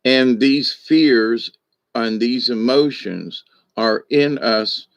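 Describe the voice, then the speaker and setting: A man's voice: mid-range voice, extremely slow, no echo. A man in his sixties, a spiritual teacher, talking through his thoughts in a reflective monologue with frequent restarts and asides. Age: 60s.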